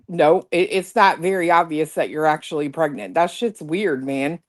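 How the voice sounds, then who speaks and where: A woman's voice: on the low side, a little slow. A woman co-hosting a casual chat, incredulous and sarcastic, with some swearing.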